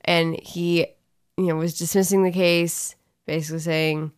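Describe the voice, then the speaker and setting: A woman's voice: fairly low pitch, little pitch movement, measured pace, smooth. A woman talking candidly in a casual testimony chat, rambling and emotional as she tells her story. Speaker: co-host sharing her story.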